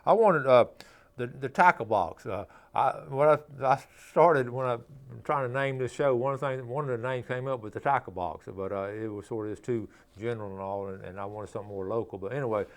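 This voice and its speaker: A man's voice: mid-range voice, brisk. A man hosting a local fishing show, chatting and demonstrating step by step in a folksy way, often ending sentences with "okay?". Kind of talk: casual how-to demonstration and chat.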